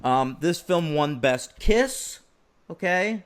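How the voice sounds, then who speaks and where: A man's voice: on the high side, animated, takes it slowly. A man co-hosting a film podcast in casual chat, with a dry, sarcastic delivery. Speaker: podcast co-host.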